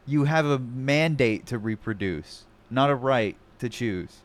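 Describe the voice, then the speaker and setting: A man's voice: mid-range voice, expressive, measured pace. A man streaming casual reaction commentary, profane, scoffing and sarcastic.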